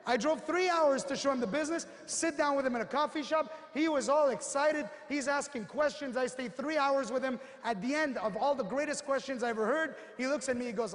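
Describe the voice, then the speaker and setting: Man, very high voice, animated storyteller, long echo of a big hall. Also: a little fast, few pauses. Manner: animated storyteller, acts out quotes, punchy asides. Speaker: motivational speaker. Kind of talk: motivational seminar talk.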